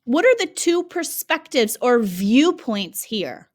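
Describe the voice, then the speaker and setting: High-voiced woman teaching a lesson. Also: sing-song, takes it slowly. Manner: clear, patient, questioning students. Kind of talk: classroom lesson narration.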